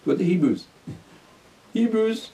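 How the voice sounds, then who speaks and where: A man's voice: high-pitched, lively intonation, slow, gravelly, warm tone. A male preacher teaching a sermon, reading scripture and asking and answering his own questions in street slang. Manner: repeats "pay attention", asks and answers his own questions; reads scripture aloud, then explains it in street slang. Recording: voice from far off the mic.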